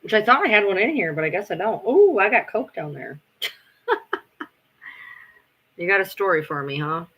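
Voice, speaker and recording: A man's voice: high voice, very animated, normal speed, long pauses, a bit bright, slightly rough. A man chatting casually on a live stream, rambling, swearing freely and answering his chat as he goes.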